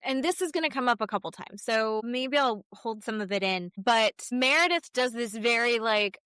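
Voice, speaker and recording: A podcast co-host with a fairly high, animated, bright voice recaps reality TV at a moderate pace in casual conversation. Blunt and freely profane, she acts out what the cast members said. Her tone is clean, and the studio sound is dry and clean.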